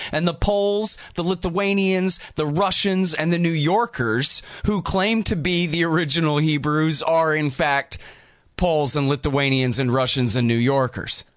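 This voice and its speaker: Man, higher voice, interviewer, dry close sound, long pointed summing-up questions. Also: a bit bright, dry recording.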